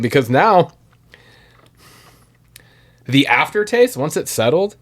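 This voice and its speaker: A man's voice: mid-range voice, normal speed. A man co-hosting a podcast in casual chat, rambling and laughing often as he trails off and restarts. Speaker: podcast co-host. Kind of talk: casual chat tasting a drink.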